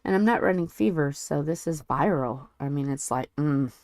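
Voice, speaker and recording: A woman's voice: low-pitched, animated, normal speed, a little mellow, no room sound. A woman with a stuffy head cold chatting casually with viewers while she works on a craft, rambling and tripping over some words. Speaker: diamond painting channel host.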